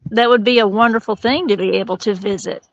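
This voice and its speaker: A woman's voice: mid-range voice, fairly even intonation, fast, no room sound, dull audio. A woman guest on a podcast, answering thoughtfully and hesitantly in casual conversation. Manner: thoughtful, hesitant, weighs her words.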